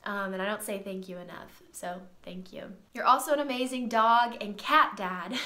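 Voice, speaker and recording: A young woman giving a heartfelt birthday tribute to her father, reading from a list with soft laughs and a slightly tearful voice, in a sunroom at home. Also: mid-range voice, normal speed. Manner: tender, reading from notes with frequent soft laughs. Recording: roomy echo in a sunroom.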